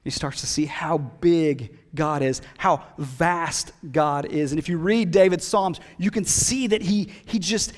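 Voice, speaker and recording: A man's voice: high voice, big-room sound. A man preaching a sermon as pastor, conversational and emphatic, with casual asides. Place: church hall.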